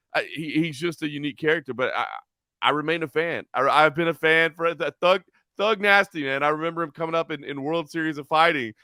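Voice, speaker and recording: A man co-hosting a sports talk show, speaking in a casual, animated way. He often stumbles and repeats words as he thinks aloud. His voice is bright and a little high, and the recording is close and dry. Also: smooth, dry recording. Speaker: co-host, sports commentator.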